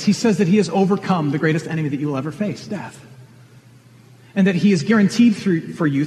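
A man's voice: sits high, slight background noise. A man preaching a sermon in an earnest, conversational way, asking his listeners questions. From Michigan. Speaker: pastor. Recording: long reverb of a large hall.

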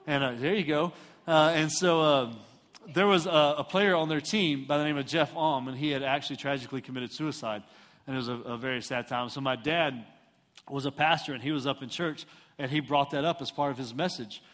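A man's voice: medium pitch, a little fast. A middle-aged man from Houston, Texas, telling funny, self-mocking stories as a preacher and acting out the voices. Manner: animated, self-mocking storyteller who acts out voices. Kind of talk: storytelling sermon. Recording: reverberant hall.

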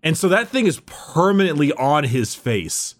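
A man's voice: a little high, sing-song, moderate pace. A man hosting a casual podcast, explaining lore in a rambling, profane way with many restarts.

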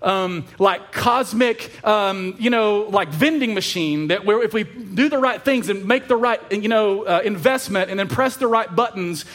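A man's voice: high-pitched, a little slow, hardly any pauses, a bit bright. A man preaching a sermon in a casual, conversational way, with frequent fillers and restarts. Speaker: pastor.

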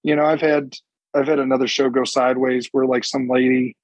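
A man's voice: medium pitch, no room sound, highs cut off. A young man, a stand-up comedian telling stories in casual chat and acting out what people said. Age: young adult. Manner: animated, acts out quotes with quick bursts.

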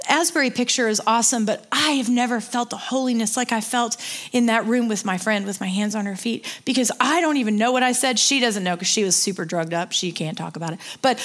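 A woman in her forties, a Bible study teacher, telling a personal story in an animated, emotional way with asides. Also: fairly high pitch, a little fast.

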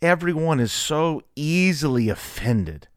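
A man's voice: animated, unhurried, no room sound, studio quality. Earnest man preaching a devotional. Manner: earnest, rhetorical questions, emphatic swings in pitch. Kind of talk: Bible reading and devotional sermon.

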